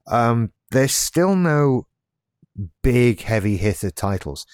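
A man's voice: mid-range voice, big pitch swings, slow, darkish tone, smooth, dry recording, studio quality. A man in his late thirties co-hosting a podcast, chatting casually in a laid-back, rambling way with restarts and wry asides. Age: late 30s. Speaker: podcast co-host. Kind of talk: casual chat.

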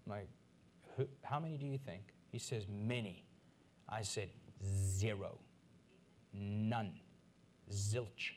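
A middle-aged man from Africa preaching a sermon as pastor, swinging between soft asides and loud, emphatic peaks. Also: lowish voice, moderate pace, long pauses, a little hiss or hum.

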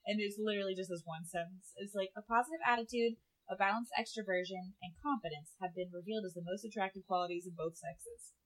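A woman's voice: mid-range voice, fast, hardly any pauses, poor audio. A young woman in her twenties co-hosting a podcast, chatting casually and explaining things with lots of examples and "like". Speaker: podcast co-host. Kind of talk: casual chat.

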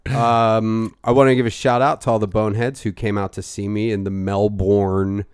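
A man co-hosting a comedy podcast, deadpan and dry, now and then breaking into shouted mock rants. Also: fairly low pitch, normal speed, smooth, no room sound.

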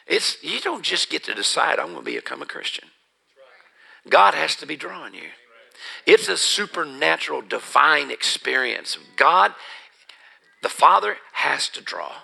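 A man's voice: fairly high pitch, gravelly, pushed and bright, slightly rough, poor audio. A man preacher telling his personal testimony as a sermon, earnest and building to emphasis. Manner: earnest storytelling, rising to emphatic.

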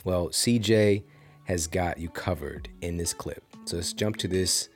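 A man's voice: deep voice, a little slow, slightly rough, faint music behind. A man hosting a podcast, introducing a clip with enthusiasm. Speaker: podcast host.

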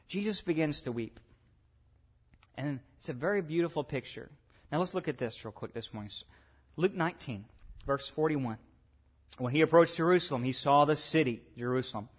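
A man preaching a sermon as pastor, swinging between loud excitement and hushed tones, with chatty asides to the congregation. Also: on the high side. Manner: conversational asides and check-ins with the congregation.

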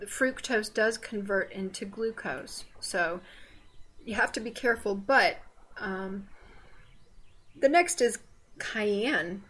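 A woman's voice: mid-range voice, slow, long pauses, a bit bright. A woman with a Southern American accent co-hosting a casual faith podcast, chatty and digressive with teasing asides. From Southern United States. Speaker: podcast co-host.

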